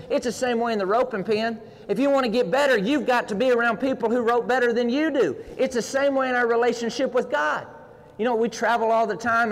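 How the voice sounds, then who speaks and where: A man preaching a sermon with passion, folksy stories and rising, near-shouted prayers. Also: extremely high pitch, big-room sound, low-quality recording. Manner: folksy, uses roping and gym stories.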